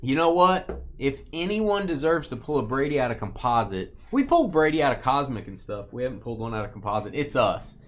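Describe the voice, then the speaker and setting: A man's voice: mid-range voice, very animated, fairly bright tone. Joking man rattling off card-break lists. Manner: joking, rattles off names and teams in quick lists. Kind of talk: casual live-stream chat while opening cards.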